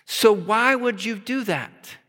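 Guy preaching in a big hall, high clear voice, lots of reverb, leans hard on key words. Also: takes it slowly, pushed and bright. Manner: emphatic, reads scripture aloud with asides. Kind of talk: sermon.

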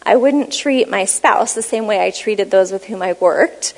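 Woman teaching a bible lesson, calm explaining tone, slows down to read verses. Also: mid-range voice, vocal fry, big-room sound, low-quality recording. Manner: measured, explanatory, reads scripture aloud slowly. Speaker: speaker on Bible study. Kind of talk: teaching talk with scripture readings.

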